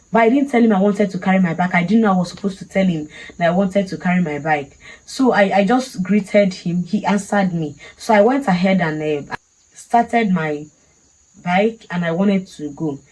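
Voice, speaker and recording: A woman's voice: medium pitch, moderate pace, darkish tone, rough recording. A woman with a Nigerian accent, telling a personal story casually and animatedly, laughing often. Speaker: vlogger.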